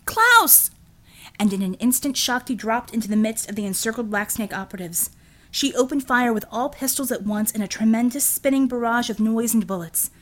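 A woman giving a steady, measured scripted audiobook narration. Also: fairly high pitch.

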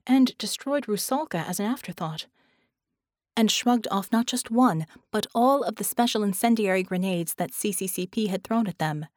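Woman reading a sci-fi audiobook, mid pitch, dry close mic. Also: darkish tone, dry recording. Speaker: audiobook narrator. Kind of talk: scripted audiobook narration.

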